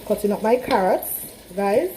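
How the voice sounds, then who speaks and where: A woman's voice: medium pitch, animated, normal speed, noisy background. Chatty Trinidadian woman cooking at home. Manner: chatty, talks straight to viewers. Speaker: home cook vlogger. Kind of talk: casual cooking vlog. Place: home kitchen. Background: frying and sizzling in a pan.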